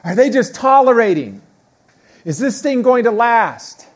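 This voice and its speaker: Husky-voiced male pastor preaching. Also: very high voice, very animated, a little slow. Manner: conversational, swings from quiet to loud, repeats phrases. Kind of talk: sermon. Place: church.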